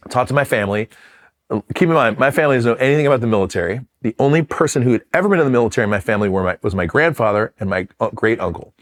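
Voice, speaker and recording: A middle-aged man from Philadelphia, a former Marine fighter pilot, telling his story in an interview in a candid, self-deprecating way with restarts and fillers. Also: mid-range voice. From Philadelphia, USA.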